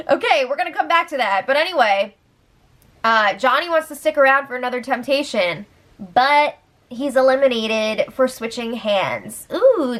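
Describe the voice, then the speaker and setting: A young woman talks through a casual recap in a slightly high voice. She is chatty and giggly, and she fills her talk with little verbal fillers. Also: fairly bright tone. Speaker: host recapping a reality show.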